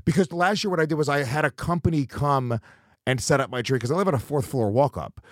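A man's voice: a little high, fast talker, no echo, studio quality. A man, co-hosting a podcast in casual banter, rambling loosely and swearing a lot. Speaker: podcast co-host.

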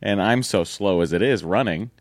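A man's voice: deep voice, normal speed, no echo. A man co-hosting a casual talk show, rambling and joking in a dry way. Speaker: podcast co-host. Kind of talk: casual chat.

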